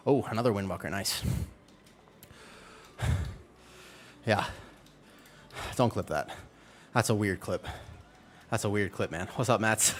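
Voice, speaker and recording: A man's voice: on the low side, slow, pauses often, a bit bright. A young man streaming a game, slightly out of breath from exercise and joking casually with his viewers. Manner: joking, chatty, talks to viewers. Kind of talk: casual live-stream chat. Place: home room with a fan.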